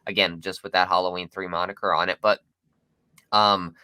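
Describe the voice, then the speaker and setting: A man's voice: low-pitched, level tone, moderate pace, sharp tone, smooth, dry recording. A man co-hosting a casual podcast chat, talking with enthusiasm and frequent restarts. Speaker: podcast co-host. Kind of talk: casual film discussion.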